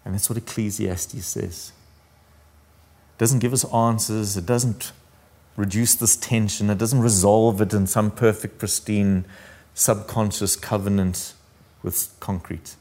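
A man's voice: fairly low pitch, fairly even intonation, a little slow, mellow. A man preaching a sermon as pastor, earnest and intimate, often dropping his voice almost to a whisper.

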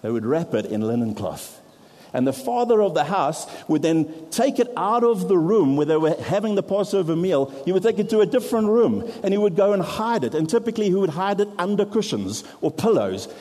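A man preaching to a congregation, his voice mellow and dark in tone. He explains patiently and steps aside now and then to poke fun at himself. Long reverb hangs around his words in the hall. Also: high-pitched, big pitch swings, a little fast. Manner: explains with props, self-deprecating asides. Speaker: pastor. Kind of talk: sermon.

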